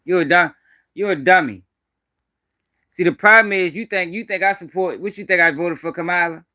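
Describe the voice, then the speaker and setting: Host, male, high-pitched voice, confrontational and profane. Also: fairly quick, sharp tone. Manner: confrontational, profane, slangy, repeats himself. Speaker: host of a news commentary channel. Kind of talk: heated live-stream commentary.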